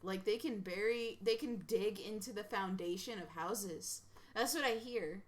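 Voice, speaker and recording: A woman streamer chatting casually while reacting to videos, giggly and excitable, rambling from thought to thought. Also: mid-range voice, unhurried.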